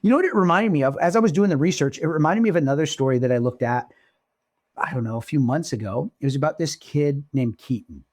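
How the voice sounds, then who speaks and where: A man co-hosting a podcast, telling stories in casual chat and jumping up in pitch when he gets excited. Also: quick pace, no echo. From Oregon. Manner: animated storyteller, pitch jumps when excited. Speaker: podcast co-host.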